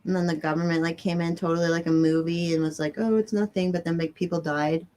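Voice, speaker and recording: Talking fast in a lowish voice, a woman livestreams from indoors beside a bright window. She works through viewers' comments in an excitable rant full of swearing and nervous laughs.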